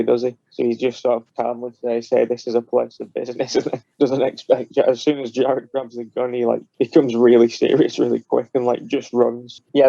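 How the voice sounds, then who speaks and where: Man, podcast co-host, flat, gravelly, relaxed rambling chat, dry dull lo-fi recording. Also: medium pitch, no echo. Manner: relaxed, rambling, searching for words. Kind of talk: casual chat.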